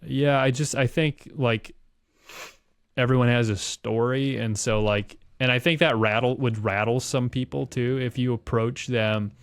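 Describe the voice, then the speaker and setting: A man's voice: mid-range voice, smooth, dry recording. A man hosting a podcast, talking reflectively in long musing runs. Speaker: podcast host. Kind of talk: casual chat.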